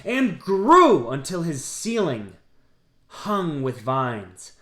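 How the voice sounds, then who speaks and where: Slow, lilting man reading a storybook. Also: mid-range voice, expressive. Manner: gentle, asks listeners questions. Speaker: storybook reader. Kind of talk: picture book read-aloud. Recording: roomy echo.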